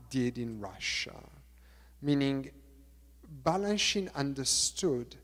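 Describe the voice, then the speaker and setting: Italian-accented man lecturing slowly, halting. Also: mid-range voice. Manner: halting, repeats words, counts beats aloud. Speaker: choreographer giving a talk. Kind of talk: lecture with counting and demonstration. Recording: reverberant lecture hall.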